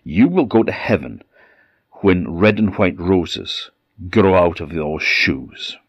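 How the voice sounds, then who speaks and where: Unforgiving male minister, cold and pompous, husky low voice, dry sound; a male narrator voices him. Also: sing-song, slow, dry recording, lo-fi sound, exaggerated voice. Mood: condemning.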